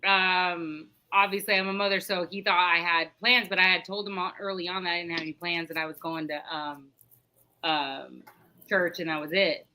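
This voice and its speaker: Chatty woman on a podcast, bright voice, lowish pitch, rambles through a story. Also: steady tone, moderate pace. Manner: recounts dialogue in a chatty, rambling way with many restarts. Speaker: podcast guest. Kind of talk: casual storytelling.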